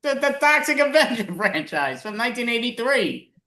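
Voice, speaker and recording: High-voiced giggly woman, improv banter, video call. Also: sing-song, moderate pace, pushed and bright. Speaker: improv performer. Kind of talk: casual banter.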